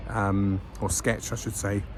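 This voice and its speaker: Walking through town in the rain, past streets and a station, a Scottish travel vlogger narrates casually in a fairly low voice with little pitch movement and a measured pace. He rambles with plenty of fillers, and clear street noise comes through the outdoor recording.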